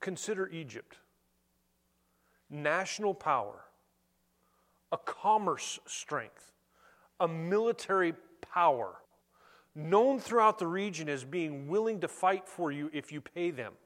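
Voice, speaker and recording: A middle-aged man preaching a sermon, conversational and animated, telling stories between scripture readings. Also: on the high side, slow pace, long pauses. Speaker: pastor.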